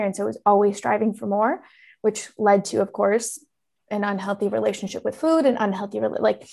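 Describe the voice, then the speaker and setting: A woman guest on a podcast, talking fast and animated in casual chat. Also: mid-range voice, vocal fry.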